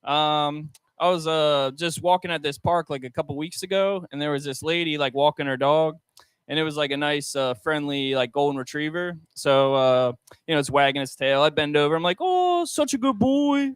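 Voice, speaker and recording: Young man, stand-up comic, hesitant delivery full of ums, clear resonant voice, dry close stage mic. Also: on the high side, fairly even intonation, a bit bright, no echo. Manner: halting, filler-heavy delivery with many ums and likes. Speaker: stand-up comedian. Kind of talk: stand-up set with crowd work. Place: restaurant comedy stage.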